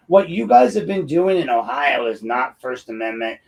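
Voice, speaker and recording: A man's voice: medium pitch, sing-song, normal speed, creaky, darkish tone, low-quality recording. Combative, sarcastic male commentator. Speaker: host and local activist. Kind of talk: ranting commentary.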